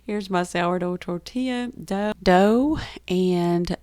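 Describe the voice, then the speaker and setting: Woman, rural Southern US accent, gravelly fry, lowish voice, chatty vlog narration, dry close mic. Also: measured pace, no room sound. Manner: chatty and enthusiastic, laughs easily. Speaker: homestead baking vlogger. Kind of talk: casual voice-over narration.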